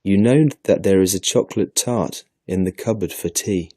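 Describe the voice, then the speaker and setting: A man reading a smug storybook boy, low dark voice, slow and dismissive. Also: husky, no echo, clean studio sound. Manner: dismissive, know-it-all. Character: boastful sulky young boy.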